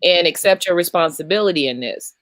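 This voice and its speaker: Calm low-voiced woman giving advice. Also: no echo. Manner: measured, reflective advice-giving. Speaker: podcast host. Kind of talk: casual podcast chat.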